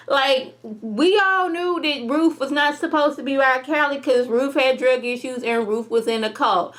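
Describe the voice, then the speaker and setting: A woman giving a casual vlog review of a TV episode, retelling scenes in an animated, emphatic way. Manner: animated, emphatic storytelling with rising pitch on key points.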